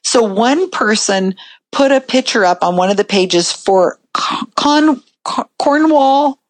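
A woman guest telling a story in a casual, animated way and acting out the people in it. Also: a little high, slow, dry recording, low-quality recording. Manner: animated, acts out voices of people in her story. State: a little emotional.

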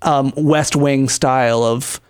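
A man's voice: medium pitch, fairly even intonation, takes it slowly, clean tone. A man co-hosting a casual talk show, rambling with many fillers and restarts. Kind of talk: casual banter.

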